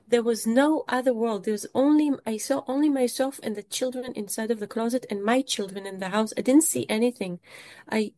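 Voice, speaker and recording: A woman, an English speaker, giving an emotional first-person testimony in a halting way, often repeating and restarting words. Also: mid-range voice, darkish tone.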